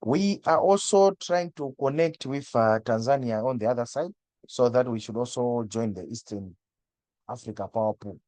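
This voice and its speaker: A man's voice: mid-range voice, normal speed, dark tone, no echo. A man from Malawi, a guest speaker on energy, explaining things over a video call with frequent restarts and stammers. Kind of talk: webinar discussion.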